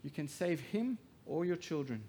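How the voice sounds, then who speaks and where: A man preaching a sermon as pastor, swinging from hushed to loud emphasis and asking the congregation rhetorical questions. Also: fairly high pitch, animated, moderate pace, a little hiss or hum.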